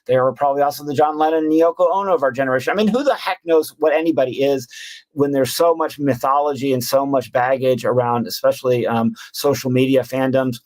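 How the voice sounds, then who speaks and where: A man's voice: medium pitch, fairly even intonation, fast, darkish tone. A man on a panel, ranking his favorite albums of the year in a rambling, enthusiastic way full of ums and restarts. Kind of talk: casual roundtable chat.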